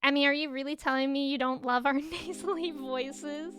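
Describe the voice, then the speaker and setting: A woman's voice: sits high, steady tone, normal speed. A woman streamer with a slightly nasal voice, chatting casually while she plays a game and reads chat. She is bubbly and chatty and laughs often.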